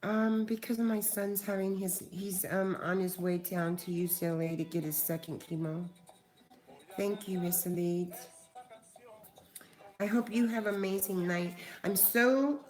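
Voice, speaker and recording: A woman's voice: fairly low pitch, a little mellow. A middle-aged woman hosting a casual livestream, chatting with viewers and swearing freely. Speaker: livestream host.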